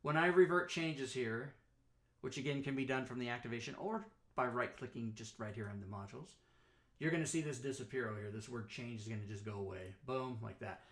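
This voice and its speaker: On his live-streamed talk show, a man with a medium-pitched voice speaks a little fast while demonstrating software. His delivery rambles and chats along, with frequent self-corrections.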